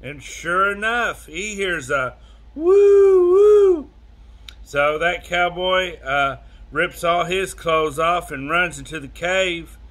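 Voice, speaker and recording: A man tells a joke in an unhurried, drawn-out way, stopping often to fill the gaps with "uh". His voice sits slightly high for a man. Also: sharp tone. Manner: slow, drawn-out delivery full of "uh" pauses. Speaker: joke teller. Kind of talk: telling a joke.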